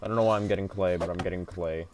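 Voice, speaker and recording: A man's voice: sits low, fairly even intonation, rapid-fire, noisy background. A man streaming a game, rambling and joking to himself and his viewers in a tired, self-mocking way. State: yawning, tired. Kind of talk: casual gaming stream chatter.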